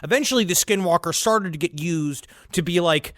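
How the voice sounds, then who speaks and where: A man's voice: high-pitched, normal speed, fairly bright tone, no room sound, studio quality. A man co-hosting a comedy podcast, rambling and correcting himself, with jokey asides. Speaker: podcast co-host. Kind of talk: casual comedic podcast chat.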